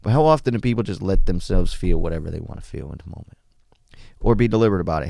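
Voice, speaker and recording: A man speaking candidly as a podcast guest, blunt and animated, swearing freely while recounting his experiences. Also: low-pitched, fast talker, gravelly, no echo, studio quality. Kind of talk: candid conversational storytelling.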